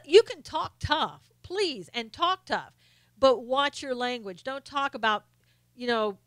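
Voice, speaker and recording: A woman runs a political commentary live stream, delivering blunt, opinionated scoldings point by point and answering viewer comments by name. Her voice is higher than most, bright and forceful, with a smooth, crisp clarity. The recording is dry with no room sound.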